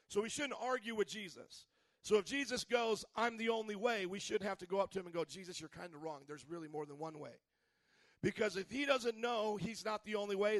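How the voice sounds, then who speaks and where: A male pastor preaching a sermon, asking the congregation questions and building up to shouts. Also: high voice, no room sound. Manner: preachy call-and-response questions, rising to shouts.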